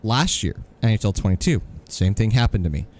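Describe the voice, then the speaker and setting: A man's voice: fairly low pitch, lively intonation, brisk, darkish tone. A man co-hosting a podcast, telling a story in an exasperated, sarcastic rant. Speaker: podcast co-host. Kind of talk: casual ranting podcast chat.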